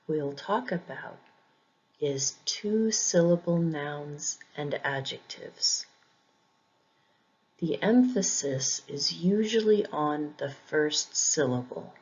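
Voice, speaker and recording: Woman, pronunciation teacher, very slow, lowish voice, repeats words for drilling. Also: lively intonation, slightly rough, muffled recording. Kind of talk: slow, clear pronunciation lesson.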